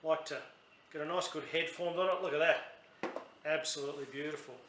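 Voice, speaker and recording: A man's voice: a little high, fairly even intonation, brisk, fairly bright tone, reverberant, a little hiss or hum. An Australian man reviewing a beer in a casual, chatty, rambling way, often correcting himself mid-sentence.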